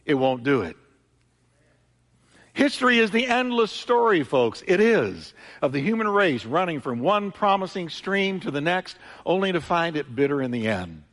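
A man's voice: a little high, very animated, moderate pace, a bit bright. Emphatic preaching man in a reverberant hall. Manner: emphatic preaching, repeating phrases with rising and falling intensity. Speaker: pastor. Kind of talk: sermon. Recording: long church hall reverb.

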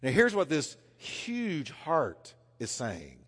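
A man preaches with a lively, rising and falling pitch, punching some phrases loudly and dropping others to a hush. His voice rings out with a long reverb, as in a church sanctuary. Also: takes it slowly, few pauses, husky. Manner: animated, swings between loud emphasis and hushed intensity. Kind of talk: sermon.

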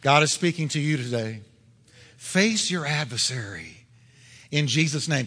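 A male pastor preaching in a high, bright, ringing voice, pressing each point with emphatic force. His words carry a long reverb from a large church hall. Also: lively intonation, a little slow. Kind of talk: sermon.

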